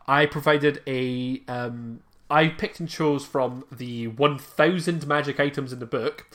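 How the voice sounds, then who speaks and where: A game master narrating a tabletop game in a relaxed, rambling way, with many fillers while reading item lists. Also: mid-range voice.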